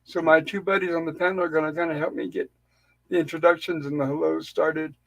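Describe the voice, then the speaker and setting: A man's voice: fairly high pitch, little pitch movement, fast talker, vocal fry, poor audio. A man hosting a live stream in casual chat, his voice a little weak, easygoing and jokey with his co-hosts over a remote call. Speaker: livestream host. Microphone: remote call on a streaming panel.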